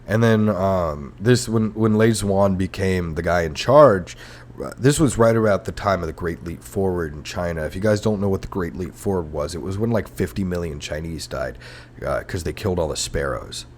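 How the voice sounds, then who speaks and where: A man's voice: low voice, moderate pace, darkish tone. A man hosting a comedic history podcast, rambling and sarcastic, with frequent profane rants. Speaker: podcast host.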